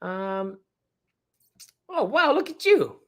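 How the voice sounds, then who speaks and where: A man's voice: sits high, sing-song, slow, a bit bright. Rambling man chatting on a livestream. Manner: rambling, many fillers and restarts. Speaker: reptile breeder hosting a livestream. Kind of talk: casual livestream chat reading the chat.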